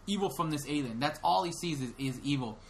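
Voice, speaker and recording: A man's voice: on the high side, lively intonation, a little fast, gravelly, slight background noise. A young man co-hosting a podcast, retelling a film in casual chat, rambling with lots of fillers and restarts. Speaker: podcast co-host.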